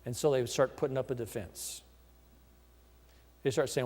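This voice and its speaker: A male pastor preaching a sermon, telling the story lively and acting out the people in it. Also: mid-range voice, brisk, long pauses, in a large hall. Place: church.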